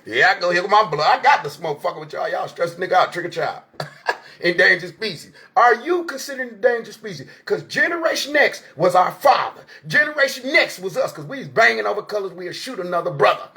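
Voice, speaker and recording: A man's voice: sits high, lively intonation, brisk, sharp tone. A man in his forties hosting his own show, delivering a rambling, streetwise monologue full of swearing, preaching to his listeners. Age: 40s. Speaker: show host. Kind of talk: casual monologue.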